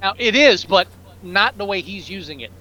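A man co-hosting a casual movie-review podcast, animated and jokey, sometimes mimicking lines from the film. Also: high voice, normal speed, poor audio. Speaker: podcast co-host.

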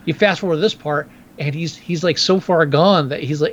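A man's voice: fairly high pitch, moderate pace. A man co-hosting a casual film discussion podcast, joking and wry, laughing at his own remarks. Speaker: podcast co-host.

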